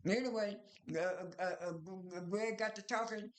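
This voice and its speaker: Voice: medium pitch, fairly even intonation, moderate pace, reverberant. A speaker casually recapping a reality show at home, rambling through scenes with many fillers, restarts and retold dialogue.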